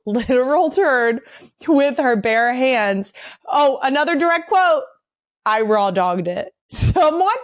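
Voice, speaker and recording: A woman in her thirties hosting a podcast, talking casually and bluntly, swearing freely and getting animated when reading out segments. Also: a little high, no echo, clean studio sound. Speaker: podcast host.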